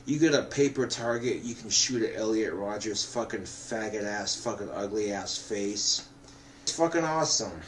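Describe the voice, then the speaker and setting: A drunk man rambling to the camera, swearing often and breaking into loud outbursts. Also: on the low side, expressive, moderate pace, a little hiss or hum. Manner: profane, swings into loud outbursts.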